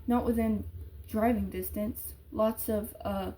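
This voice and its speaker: Woman reading as a calm, level-headed man. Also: high-pitched, slight background noise, low-quality recording. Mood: measured. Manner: steady, measured.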